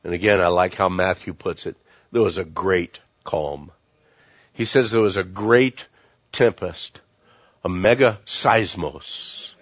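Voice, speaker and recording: A man preaching a sermon as pastor, earnest and repetitive, often dropping his voice to a hush for emphasis. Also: mid-range voice, no room sound. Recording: dull, lo-fi sound.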